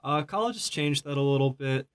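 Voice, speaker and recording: A man's voice: mid-range voice, animated, brisk, smooth. A young man co-hosting a casual college podcast, easygoing and joking with playful asides. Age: young adult. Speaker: podcast co-host. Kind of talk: casual chat. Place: college campus.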